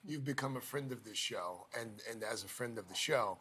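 A man's voice: medium pitch, normal speed, bright, forceful tone, slightly rough. A man co-hosting a morning TV show, introducing the guest in an easygoing way. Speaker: TV co-host. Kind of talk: morning TV interview.

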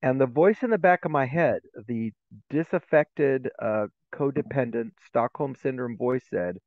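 Speaking at a measured pace in a medium-pitched voice, a middle-aged educator guesting on a podcast animatedly recounts stories, voicing the characters himself. There's no echo, though the remote line sounds tinny and phone-like.

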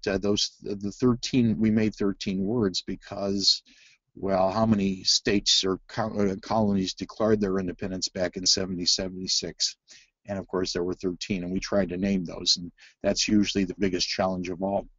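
Halting man with a low voice. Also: dry recording, muffled recording. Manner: halting, many fillers and restarts. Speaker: reading teacher presenting a webinar. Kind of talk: webinar presentation.

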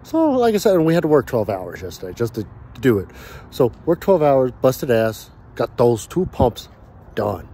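A man's voice: medium pitch, very animated, normal speed, dark tone, slight background noise. Foul-mouthed man ranting outdoors. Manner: profane, heated storytelling. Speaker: vlogger. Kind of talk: casual ranting monologue. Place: outdoors at a grill.

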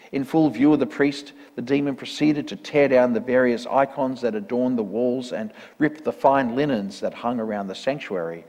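A man reads a parable aloud in a church, in a measured, earnest way. His voice sits at an ordinary middle pitch. A long church reverb follows his words. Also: a little mellow. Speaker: reader in a church service.

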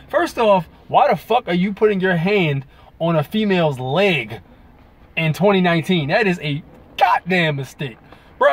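A man's voice: sits high, breathy edge. Heated, profane man ranting. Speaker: video blogger. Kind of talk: ranting commentary to camera.

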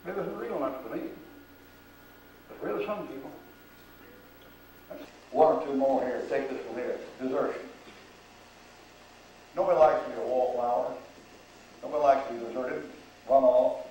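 With a mellow, mid-range voice, an older man preaches in church, acting out the voices of characters in his folksy stories. The far-camera recording is distant and echoey, with a little hiss or hum.

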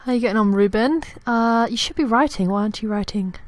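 A young woman gaming YouTuber, her voice on the high side, talks fast in casual Let's Play commentary on her life-simulation game, giggling and chatting to her characters. She uses a desktop USB mic with no room sound, and faint game music plays behind her.

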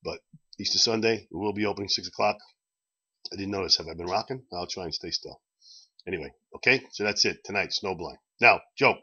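A man's voice: sits low, fairly quick, bright, forceful tone, breathy edge, muffled recording. A man hosting a casual promotional video chat for his bar, rambling and chuckling as he sways in and out of frame. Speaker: bar owner and vlog host.

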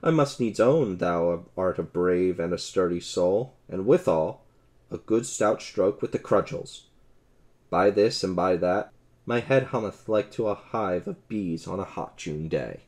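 A man's voice: lively intonation, unhurried, a little mellow. A man voicing a bold, merry male outlaw leader in an audiobook, speaking in old-fashioned hearty tones. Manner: old-fashioned hearty speech, raised pitch.

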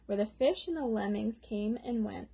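A woman reading a children's picture book aloud at storytime, gently pausing to explain words for young listeners. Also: mid-range voice, animated, creaky, slightly rough. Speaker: storytime reader.

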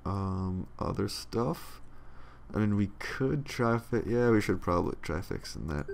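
A man's voice: on the low side, expressive, a little slow, vocal fry, darkish tone. A young man giving casual gameplay commentary, profane, sarcastic and tired, grumbling at the game. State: yawning, tired. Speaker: let's play commentator.

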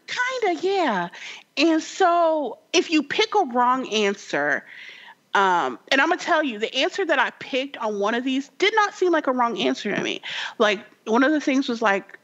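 A woman's voice: sits high, sing-song, a little slow, a bit bright, muffled recording. A woman co-hosting a podcast in casual chat, telling a story animatedly with lots of fillers and acting out the characters. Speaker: podcast co-host.

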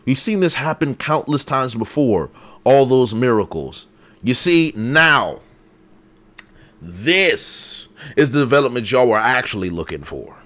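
A man voicing a cool, blunt young male pirate cook in a gruff, dismissive way while reading a comic aloud. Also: mid-range voice, big pitch swings, measured pace, a bit bright, voice pushed down. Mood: scolding.

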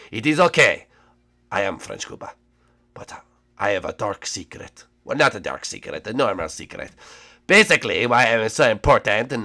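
A man voicing an old male turtle creature in a game role-play, low, slow and solemn. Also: sharp tone, exaggerated voice.

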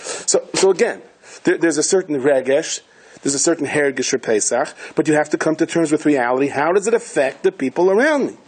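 Husky, animated rabbi telling stories. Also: male voice, fairly high pitch, fairly quick. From Hasidic community in the United States. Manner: animated storytelling, acts out voices in quoted lines. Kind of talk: Torah lecture.

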